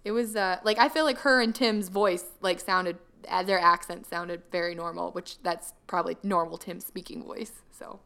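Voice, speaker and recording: A woman's voice: fairly low pitch, steady tone, normal speed, creaky, few pauses, a bit bright. A woman co-hosting a podcast, chatting casually about a movie with lots of "like" fillers. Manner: chatty, many "like" fillers, acts out quotes. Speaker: podcast co-host. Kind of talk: casual chat recapping a movie.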